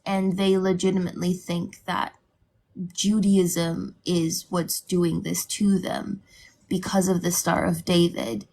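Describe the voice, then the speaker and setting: A woman's voice: medium pitch, gravelly. A woman calling in to a live stream, asking an earnest, probing question.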